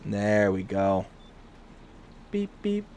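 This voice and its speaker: A Michigan man in his forties chats casually on a live stream while playing a farming game, rambling on and jumping up in pitch when he gets excited. He speaks extremely slowly, with a little hiss or hum on the audio.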